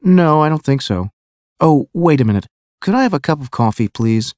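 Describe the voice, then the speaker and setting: A man voicing an older, short, gray-haired gentleman who speaks courteously and kindly. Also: on the high side, sing-song, moderate pace, no room sound, voice pushed up. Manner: courteous, friendly.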